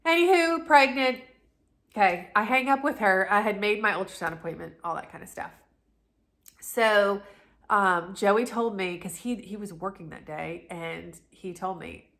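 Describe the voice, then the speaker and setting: A woman's voice: mid-range voice, moderate pace. Chatty woman telling a story. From North Carolina, USA. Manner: chatty and animated, with many restarts and asides. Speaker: lifestyle vlogger. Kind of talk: casual storytelling to camera.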